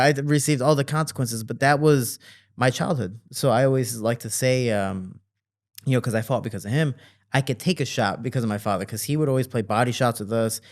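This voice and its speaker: A man telling stories from his childhood as a guest in an interview, with lively quoting and relaxed fillers. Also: fairly quick. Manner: animated, jumps higher to quote people; fillers and restarts, relaxed flow. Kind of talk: casual storytelling.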